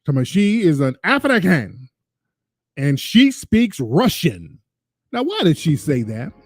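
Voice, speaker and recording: A man's voice: fairly high pitch, sing-song, slow pace, no room sound. A male show host ranting over a video clip, sarcastic and mocking. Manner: ranting, sarcastic, mimics voices. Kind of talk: commentary over a played clip.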